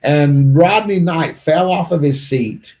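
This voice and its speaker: A middle-aged man telling his own life story in a studio conversation, emotional and animated as he acts out what people said. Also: a little high, slow pace, muffled recording. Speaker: guest telling his testimony. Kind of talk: conversational testimony. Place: small media studio. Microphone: studio microphone.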